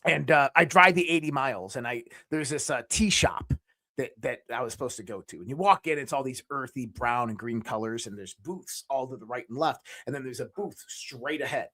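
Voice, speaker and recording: Talking a little fast at medium pitch, a podcast guest recounts something from his own life with animated, casual energy. He keeps restarting his sentences and curses here and there.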